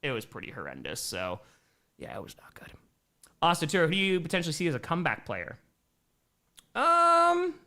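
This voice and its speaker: A man in his thirties chats through a relaxed live-stream Q&A, reading viewer questions and riffing on them. His voice is animated, swinging up and down in pitch. Now and then he breaks into a high, playful voice to talk to his cats. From Wisconsin, USA. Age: 30s. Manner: chatty, reads chat aloud and riffs, talks to his cats in a high baby voice. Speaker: streamer answering chat questions.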